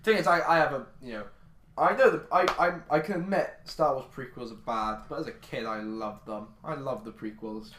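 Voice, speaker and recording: A man's voice: mid-range voice, brisk, a bit bright. A young man co-hosting a podcast with friends, laid-back and wry. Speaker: podcast co-host. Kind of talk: casual chat among friends. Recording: roomy.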